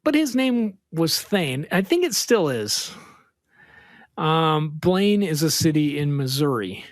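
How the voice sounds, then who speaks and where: Casting: male podcast co-host, somewhat high voice, rambling playful storyteller, dry close sound. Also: big pitch swings, slow, dry recording. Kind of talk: casual podcast chat.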